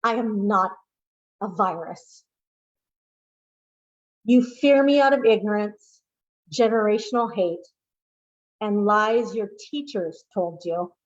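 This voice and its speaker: A woman poet giving a deliberate, emphatic poetry reading over a video call. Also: medium pitch, lo-fi sound.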